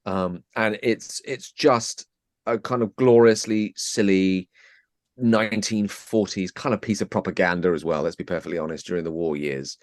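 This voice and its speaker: A man talking as a guest on a podcast, chatty and self-mocking, dropping into quick impressions. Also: low-pitched, no echo, clean studio sound. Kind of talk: casual chat.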